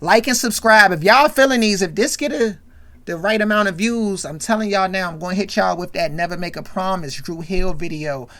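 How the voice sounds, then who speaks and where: A woman's voice: medium pitch, a little fast. Lady ranting on her channel, gets all worked up, keeps going "right?". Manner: animated, excitable, keeps tagging lines with "right?". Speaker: host. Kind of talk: casual commentary rant.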